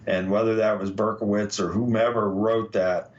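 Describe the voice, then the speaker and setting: American male podcast host, low register, halting delivery, dull lo-fi recording. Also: little pitch movement, distant mic. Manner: hesitant, many uh fillers. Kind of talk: casual podcast talk, reading documents aloud. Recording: dull lo-fi audio.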